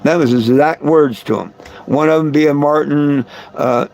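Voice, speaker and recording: A slightly high, creaky and a little mellow-voiced man speaks at a moderate pace as he hosts a live stream. He tells viewers a long story in a rambling way, with repeated words and chuckles between lines.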